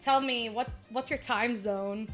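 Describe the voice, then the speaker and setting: A woman's voice: a little high, fairly even intonation, a little slow, a bit bright, soft background music. A woman streamer from Chicago with a Midwestern accent, chatting casually and bubbly with viewers while playing at home. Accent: Midwestern American (Chicago). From Chicago, USA. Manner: bubbly, chatty, talks straight to viewers, easily sidetracked. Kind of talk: casual livestream chat while gaming.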